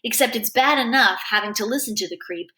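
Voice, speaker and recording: A woman reading a novel aloud, telling a first-person story in a lively, expressive way. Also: on the high side, fast. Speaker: reader.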